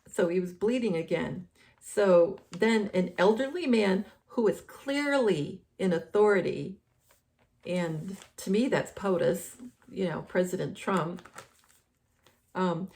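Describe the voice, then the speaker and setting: A woman's voice: on the low side, slow, gravelly, darkish tone. A woman hosting a casual commentary, rambling with many fillers and restarts, saying she is losing her voice. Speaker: host.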